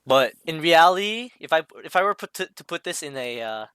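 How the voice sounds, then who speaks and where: A man's voice: a little high, animated, fairly quick, sharp tone, clear, resonant tone, dry recording. A man talking casually over a drawing, hesitant, with many fillers and restarts. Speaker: streamer explaining a drawing.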